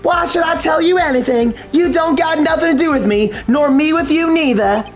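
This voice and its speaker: A man's voice: very high-pitched, moderate pace, faint music behind, pitched above the performer's own voice. A man doing a feisty southern woman. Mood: angry. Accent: put-on American Southern. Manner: snapping, indignant, folksy. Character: hot-tempered young southern woman, stubborn and defiant.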